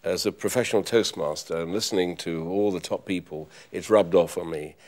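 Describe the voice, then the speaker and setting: An older man from the East End of London with a softened London accent, answering interview questions in a polite, formal, measured way as a professional toastmaster. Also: low-pitched. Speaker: professional toastmaster and butler school head.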